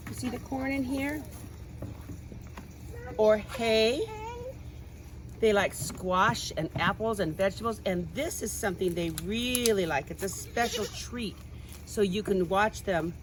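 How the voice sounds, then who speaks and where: A woman's voice: mid-range voice, background noise. A woman teaching small children outdoors by the animal pens, speaking simply in a sing-song way and singing along with them. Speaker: children's Sabbath school teacher.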